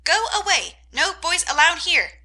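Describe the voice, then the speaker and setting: A woman's voice: big pitch swings, a little slow, pushed and bright, heavily acted. A woman voicing a rude, squawking male pet parrot in a storybook reading. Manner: shrill squawking cries.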